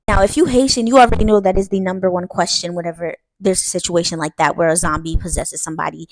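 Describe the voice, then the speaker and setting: A woman's voice: fast talker, hardly any pauses, no room sound. Chatty woman telling a spooky tale. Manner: chatty, addresses viewers directly; acts out quoted lines with pitch jumps. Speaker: storyteller. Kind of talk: casual spoken storytelling.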